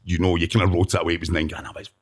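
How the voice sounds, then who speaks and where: A Glaswegian man with a very deep voice tells relaxed anecdotes as a podcast guest. He acts out his own reactions along the way. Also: very fast. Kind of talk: anecdotal storytelling.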